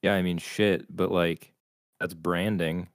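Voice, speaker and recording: Blunt deep-voiced man, dry sound. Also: little pitch movement, slow pace, dry recording. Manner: blunt, swears a lot, argumentative. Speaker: podcast co-host. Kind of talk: casual crude podcast banter.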